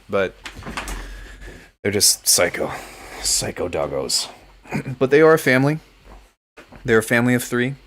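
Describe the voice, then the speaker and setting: Relaxed, low-voiced man chatting on a stream. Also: a little hiss or hum. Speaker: music producer streaming live. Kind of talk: casual livestream chat. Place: at home.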